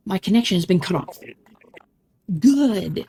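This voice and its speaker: A woman hosting a let's-play reads the game's lines aloud with theatrical flair, trading one character's voice for another as the scenes move along. Her voice sits at an ordinary middle pitch. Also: lively intonation, a little slow, dark tone, a little hiss or hum. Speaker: gaming channel host. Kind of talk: reading game dialogue aloud in a let's-play.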